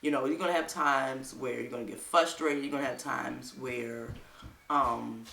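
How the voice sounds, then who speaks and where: A woman chatting to her viewers in a casual, animated storytelling style, quoting people in livelier voices. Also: very deep voice, moderate pace, creaky, echoey room, far from the mic. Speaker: vlogger.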